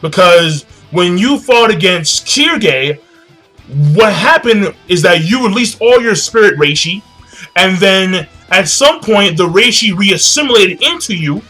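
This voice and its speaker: A calm, menacing villain leader who lays things out plainly, as a man puts him on. The voice sits high and bright and never hurries. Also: measured pace, soft background music, full character voice. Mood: explaining. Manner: calm, matter-of-fact.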